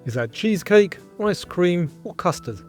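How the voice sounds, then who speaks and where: A man hosting a scripted quiz show, reading out questions and answer choices in a clear, measured way. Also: high voice, expressive, darkish tone, soft background music. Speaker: quiz host.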